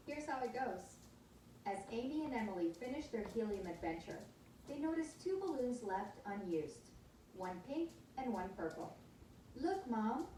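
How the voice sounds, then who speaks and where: Smooth synthetic woman narrating from afar. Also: medium pitch, distant mic, slight background noise. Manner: even, upbeat narration. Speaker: voice assistant. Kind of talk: scripted storytelling. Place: room with a smart speaker. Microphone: speaker recorded from across the room. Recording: echoey room, smart speaker heard from afar.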